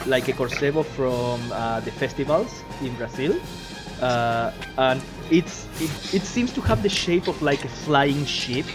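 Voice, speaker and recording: Rambling man running a tabletop game. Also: medium pitch. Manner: rambling, many fillers and restarts, laughs often. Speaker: game master.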